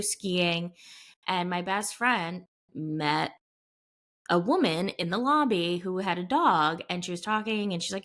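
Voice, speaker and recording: A woman's voice: on the low side, fairly bright tone. A middle-aged woman co-hosting a podcast, telling rambling stories with lots of asides in a casual chat. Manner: chatty storyteller, rambling with many asides. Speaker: podcast co-host.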